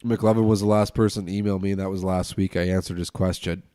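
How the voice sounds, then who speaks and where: Solo podcast host, male, lowish voice, loose and sweary, stuffed up. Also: flat delivery, fast talker, mellow, smooth, no echo, clean studio sound. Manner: ranting, swearing, tipsy and loose. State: stuffed-up nose. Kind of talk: casual rambling solo podcast.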